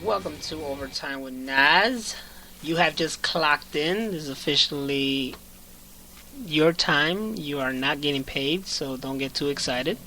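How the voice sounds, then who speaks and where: A man's voice: a little high, a little slow, pushed and bright, soft background music, rough recording. A man hosting a casual podcast, talking in a playful, hyped, joking way. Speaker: podcast host.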